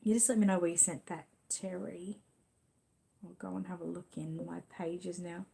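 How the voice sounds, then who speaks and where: A woman's voice: fairly low pitch, little pitch movement, normal speed, creaky, dark tone, slightly rough. Chatty Australian woman hosting a livestream. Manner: chatty, reads viewer comments aloud, laughs often. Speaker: livestream host. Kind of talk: casual livestream chat reading comments.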